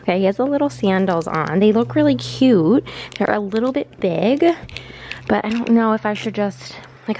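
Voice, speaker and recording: A woman's voice: mid-range voice, creaky, a little mellow, slight background noise. A young pregnant woman chatting casually in a home vlog, rambling with lots of fillers and slightly out of breath. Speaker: vlogger and mother.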